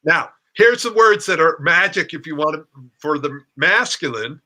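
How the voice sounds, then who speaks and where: A middle-aged man, a relationship coach, talking in a playful, animated way and acting out his reactions. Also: on the high side, moderate pace. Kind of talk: casual conversation.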